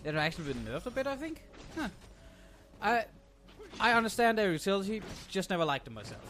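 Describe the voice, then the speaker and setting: A man's voice: high-pitched, sing-song, brisk, sharp tone, slight background noise. A young man commenting casually on his own gameplay, sarcastic and ranting, swearing freely.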